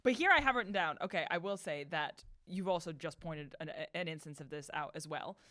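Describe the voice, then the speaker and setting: A woman co-hosting a podcast, talking through ideas quickly and thoughtfully in casual chat. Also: sits low, pushed and bright. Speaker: podcast co-host. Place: studio.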